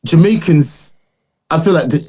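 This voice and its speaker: A man talking as a guest in a casual podcast chat, relaxed, often checking in with "you know what I'm saying". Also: a little high, normal speed, breathy edge.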